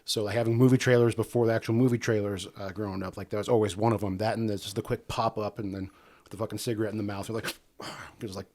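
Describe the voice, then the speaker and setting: Loose, profane man with lowish voice. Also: fairly even intonation, fast, a little mellow. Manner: loose and profane, heavy use of "like". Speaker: podcast co-host. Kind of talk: casual movie discussion podcast.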